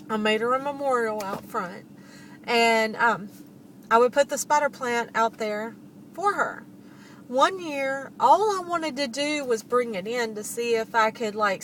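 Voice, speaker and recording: Animated lady telling her own story, a bit far from the mic, faint traffic noise. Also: a little high. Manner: animated, laughs often, addresses listeners directly. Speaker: vlogger. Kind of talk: personal storytelling.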